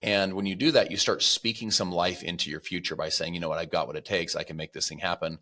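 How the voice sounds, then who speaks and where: A man who is a podcast guest, telling motivational stories and acting out the people he quotes with lively voices. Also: low-pitched, fast talker. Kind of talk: motivational storytelling.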